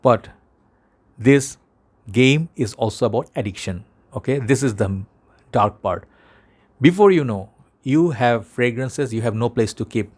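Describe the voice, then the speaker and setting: A man's voice: mid-range voice, unhurried, long pauses, darkish tone. A man with a Bangladeshi accent, talking casually to camera as a fragrance vlogger in an earnest, rambling way, speaking to his viewers like brothers.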